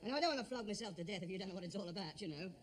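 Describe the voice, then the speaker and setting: A man's voice: sits high, lively intonation, racing, a little hiss or hum. A man playing a vain, blustering actor who thinks himself a great Shakespearean star, in old radio comedy. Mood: pompous. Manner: grandiose, self-important, bluster. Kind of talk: 1950s radio comedy acting.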